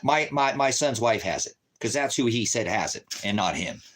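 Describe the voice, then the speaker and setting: Agitated and profane, a man rants casually through an angry personal story, swearing and retelling his arguments with others in quoted voices as he vents. His voice is medium-pitched, expressive and fairly bright, at normal speed.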